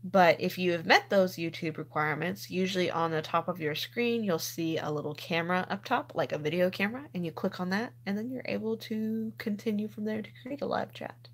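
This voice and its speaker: A woman in a casual live-stream chat, reading comments aloud with quick laughs. She explains things patiently and in plain terms, like talking to friends. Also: fairly low pitch. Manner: chatty and laughing, explains step by step. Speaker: couponing channel host.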